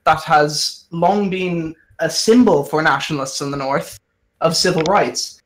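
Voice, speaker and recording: A man on a debate panel argues with rising passion, pressing hard on his key points. His voice sits a little high. Faint noise hums behind him. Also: unhurried. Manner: impassioned, rising to emphasis. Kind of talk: political debate answer.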